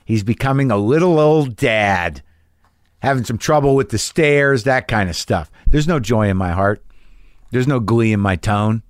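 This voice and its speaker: A man's voice: mid-range voice, moderate pace, no echo, clean studio sound. A man hosting a podcast, talking alone in a frank, profane, self-deprecating way. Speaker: podcast host. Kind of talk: solo monologue.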